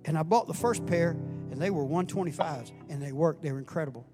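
A man's voice: fairly high pitch, fast talker. Older man preaching over music. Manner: passionate, builds in volume, then drops to questions. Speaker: guest preacher. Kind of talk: sermon. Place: church. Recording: music playing underneath.

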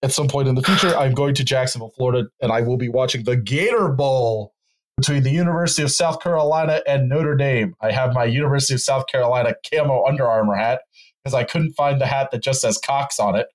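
A man's voice: mid-range voice, fast talker. A man co-hosting a casual podcast, chatty with dry interjections. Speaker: podcast co-host.

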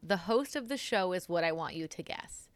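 A woman's voice: lowish voice, lively intonation, normal speed, no echo. A young woman co-hosting a podcast in casual chat, talkative and loose with swearing. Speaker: podcast co-host.

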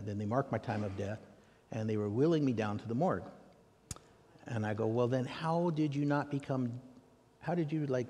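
American male preacher, mid-pitched, lively storyteller, big echoing hall. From United States. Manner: animated, acts out dialogue with raised pitch for questions. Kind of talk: sermon storytelling. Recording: long reverb of a large hall.

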